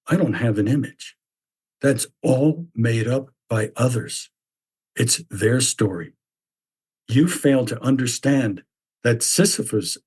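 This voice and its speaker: A man voicing a stern mythic figure who lectures bluntly in a measured, repetitive way. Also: mid-range voice, a little mellow, husky. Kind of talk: reflective spoken essay.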